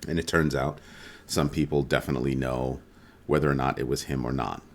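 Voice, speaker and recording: A man's voice: very deep voice, steady tone, a little fast, a little hiss or hum. A man hosting a casual weekly crypto roundup, talking loosely and conversationally with frequent ums and self-corrections. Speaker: crypto video host.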